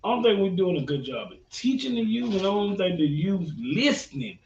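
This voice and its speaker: Laid-back man with a gravelly voice. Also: high voice, big pitch swings, fairly quick, darkish tone. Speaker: podcast co-host. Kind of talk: casual opinion talk. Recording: roomy, distant, dull sound with faint hum.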